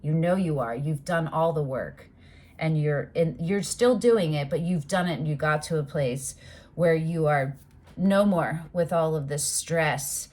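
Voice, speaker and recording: A woman giving a casual tarot reading, talking emphatically and animatedly, with swearing and loud outbursts. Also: deep voice, slow. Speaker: tarot reader.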